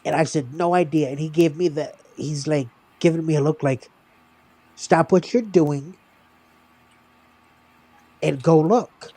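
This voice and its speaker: Hosting a livestream, a man casually recounts stories from his old retail job, animatedly acting out what customers and coworkers said. His voice is on the high side and slightly rough, at a measured pace with long pauses and no room sound.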